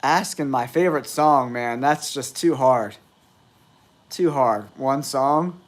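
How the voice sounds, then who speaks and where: A man with a cold talks slowly in a mid-range, nasal voice as he hosts a live football stream. His commentary comes across as blunt and exasperated trash talk.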